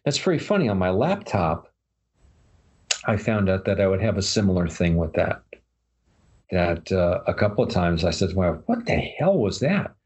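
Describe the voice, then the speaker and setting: Deep husky man, rambling talk. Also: animated, normal speed, pauses often, a little mellow. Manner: rambling, many fillers and restarts. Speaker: podcast co-host. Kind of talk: casual paranormal chat.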